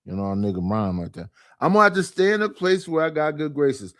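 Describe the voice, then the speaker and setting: Guy ranting on his stream at home, aave, kinda high voice, dry mic, exasperated and cussing. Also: very animated, fast talker, a bit bright, no room sound. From Oakland, California. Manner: exasperated, rhetorical, profane. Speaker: livestream host. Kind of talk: casual livestream rant. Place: his living room.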